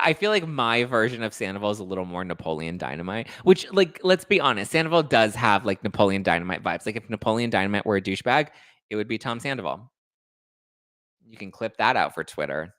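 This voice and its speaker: A male host chats casually in a gossipy, animated way. His voice sits fairly low but swings widely in pitch. The recording is dry, with no room echo. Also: brisk. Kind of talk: casual chat.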